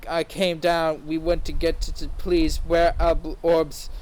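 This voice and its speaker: A man's voice: on the high side, level tone, slow, darkish tone. Man stumbling through a mock-dramatic reading. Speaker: podcast host reading aloud.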